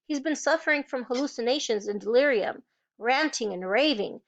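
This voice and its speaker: A woman's voice: fairly high pitch, lively intonation, moderate pace, muffled recording. A woman reading a story, voicing a cold, lying female camp warden who answers defensively. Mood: dismissive. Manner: defensive, dismissive.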